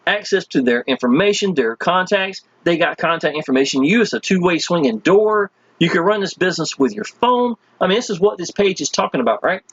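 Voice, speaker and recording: A man giving a casual, enthusiastic sales pitch as he walks through web pages, speaking folksy and chatty. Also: animated, a little fast, few pauses, fairly bright tone, breathy edge, dry recording, highs cut off. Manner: folksy and enthusiastic, constantly addressing listeners as "y'all". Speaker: online marketing promoter.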